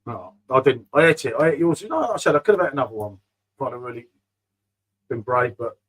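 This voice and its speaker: A man's voice: medium pitch, big pitch swings, quick pace, a bit bright, husky, low-quality recording. A middle-aged man rambling casually about beer on a live stream, often calling viewers mate. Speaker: beer vlogger reading live chat.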